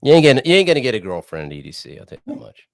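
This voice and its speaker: A young man co-hosting a casual talk show over a video call, rambling and swearing, his voice hoarse from screaming. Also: medium pitch, wildly swooping pitch, very fast, a little hiss or hum. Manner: rambling, profane, laid-back. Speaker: co-host. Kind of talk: casual podcast chat. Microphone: remote video call.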